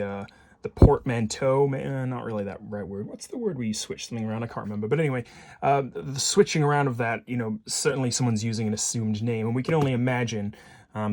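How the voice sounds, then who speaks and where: A man's voice: mid-range voice, a little mellow, no room sound. Rambling man narrating a solo game. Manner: rambling, self-correcting, joking asides. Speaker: solo board game player. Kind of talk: casual gameplay narration and read-aloud.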